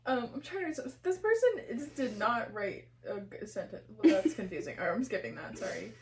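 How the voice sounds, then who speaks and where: A woman's voice: a little high, sing-song, a little fast. A young woman co-hosting a podcast, casually reading listener submissions aloud and giggling often. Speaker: podcast co-host. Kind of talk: casual chat.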